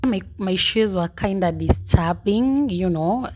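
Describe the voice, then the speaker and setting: A young woman with a Kenyan accent chatting casually in a vlog, bubbly and quick to laugh, switching between English and Swahili. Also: mid-range voice, animated, darkish tone. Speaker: vlogger.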